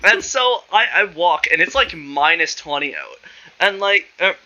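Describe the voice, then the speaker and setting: A man's voice: high-pitched, animated, measured pace, pushed and bright. A young man from Canada telling stories about his past, rambling, laughing often and swearing freely. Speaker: podcast host. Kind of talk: casual storytelling. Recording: slightly muffled recording.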